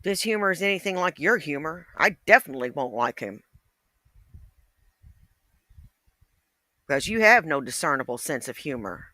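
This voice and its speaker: A man's voice: on the high side, very animated, fast, bright, forceful tone, no room sound, voice pushed up. A man voicing a scornful male heckler who trades in blunt, mocking put-downs.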